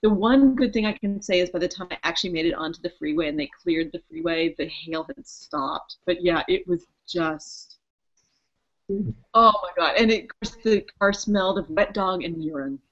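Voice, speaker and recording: A woman co-hosting a casual podcast, telling a story in an animated way, swearing and laughing as she goes. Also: on the low side, moderate pace. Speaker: podcast co-host. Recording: muffled lo-fi audio.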